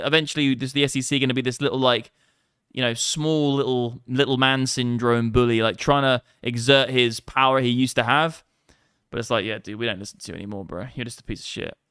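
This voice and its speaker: A man talks through a live crypto trading stream in a loose, rambling way, with plenty of swearing. His voice is smooth and resonant. It sounds close and dry, with no room echo. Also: medium pitch, a bit bright. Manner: rambling, profane, casual.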